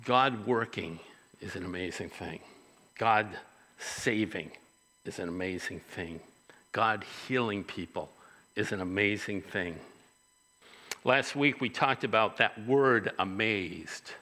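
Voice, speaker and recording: A pastor preaches a sermon conversationally, asking his congregation questions. His voice is fairly low, bright, and forceful, his pace is slow, and a long reverb tail trails his words.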